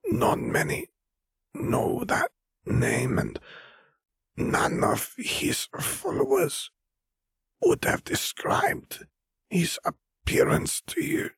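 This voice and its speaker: A sinister wizard creeps through each word in a raspy, breathy drawl, as a male narrator puts him on. His speech is slow and deliberate. The sound is dry and close. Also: very high voice, wildly swooping pitch, a bit bright, dry recording, voice pushed up, exaggerated voice. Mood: probing. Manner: slow, drawn-out delivery.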